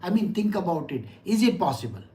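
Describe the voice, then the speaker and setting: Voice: mid-range voice, sing-song, fairly quick, warm tone. Middle-aged scripture teacher. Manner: conversational, asks listeners rhetorical questions and tells personal anecdotes. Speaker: spiritual teacher. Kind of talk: scripture lecture.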